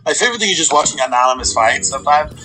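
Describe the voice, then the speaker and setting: Male host, animated storyteller, tense bright tone, faint noise. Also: mid-range voice, very fast, low-quality recording. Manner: animated comic storyteller, acts out quotes. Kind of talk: casual storytelling chat.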